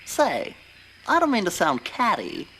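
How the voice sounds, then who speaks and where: A woman's voice: mid-range voice, wildly swooping pitch, unhurried, a bit bright, a little hiss or hum, full character voice, poor audio. A woman playing a sly, teasing cat in a children's TV show, drawling and amused.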